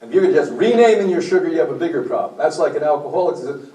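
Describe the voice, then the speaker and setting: A man's voice: on the high side, racing, warm tone. A man giving a blunt, preachy talk to a group at a health meeting, throwing questions at the audience. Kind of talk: impassioned lecture to a group. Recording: echoey room from far off.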